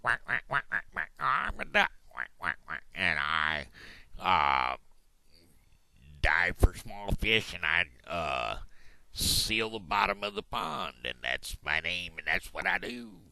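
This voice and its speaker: A man's voice: low-pitched, big pitch swings, slow, gravelly, sharp tone, no room sound, exaggerated voice. A man voicing a duck that quacks between its words, in a told joke. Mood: silly.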